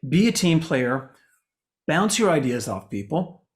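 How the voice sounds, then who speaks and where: A man gives an online talk as a communication coach, speaking over a video call. His voice sits somewhat high for a man. He delivers it animatedly, pushing his pitch up and down for emphasis. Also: big pitch swings, a little slow. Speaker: communication coach presenting to a meetup.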